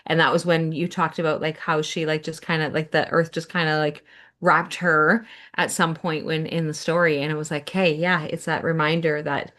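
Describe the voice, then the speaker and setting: A woman sharing reflectively in a group video call, rambling with many fillers. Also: sits low. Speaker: circle participant.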